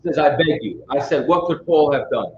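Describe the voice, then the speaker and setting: A man leads a Bible study with casual, emphatic delivery, keeping his listeners engaged with repeated questions. His voice sits a bit higher than most men's. The recording is roomy and a little dull, with faint noise underneath. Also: brisk. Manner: emphatic, keeps checking in with listeners; casual street-style speech. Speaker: Bible teacher.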